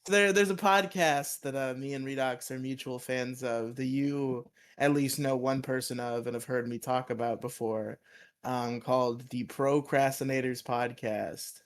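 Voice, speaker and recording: A man co-hosting a podcast, talking in a laid-back, halting way with many fillers. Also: medium pitch, steady tone. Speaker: podcast co-host. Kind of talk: casual podcast chat.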